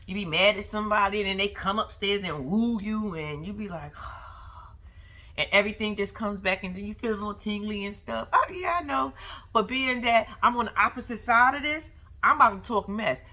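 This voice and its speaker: Young woman vlogger doing a sassy show recap, bright punchy voice, lots of slang and asides. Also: mid-range voice. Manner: sassy, animated, talks back to the people on the show; slangy, with frequent asides to viewers. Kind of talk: casual reality-show recap.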